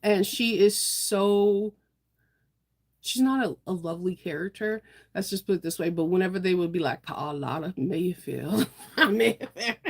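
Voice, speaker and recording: A woman's voice: mid-range voice, normal speed, darkish tone. A woman hosting a sewing livestream, chatting casually, laughing often and answering viewers' comments as she works.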